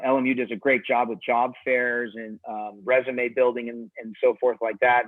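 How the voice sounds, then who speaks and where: A man speaks as a college tennis coach in a casual interview, easygoing and rambling, often restarting his sentences. His voice comes through a video call with thin, phone-like sound. The audio is dry, with no room echo. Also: medium pitch.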